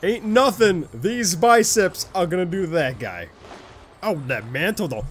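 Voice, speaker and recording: A young man casually commenting on a horror game he is playing, joking around and getting excitable, close to his desk mic. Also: on the high side, normal speed, slight background noise. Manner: jokey and excitable, shouting when chased. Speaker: gameplay commentator. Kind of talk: casual let's-play commentary.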